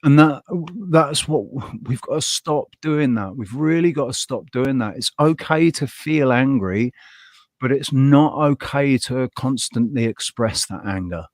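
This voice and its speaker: A man of middle pitch hosting a live stream in casual chat. He rambles and restarts and grows passionate, so his voice climbs when something stirs him. The sound is dry and close, with no room around it. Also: lively intonation, unhurried, no echo. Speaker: live show host.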